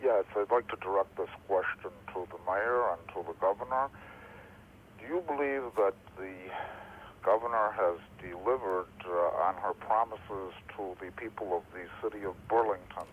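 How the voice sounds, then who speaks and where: A man calls in to a TV program and poses a question formally, pausing often. His fairly low voice comes through a tinny phone line with faint hiss behind it. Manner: formal, hesitant with uh pauses. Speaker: viewer calling in. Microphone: telephone.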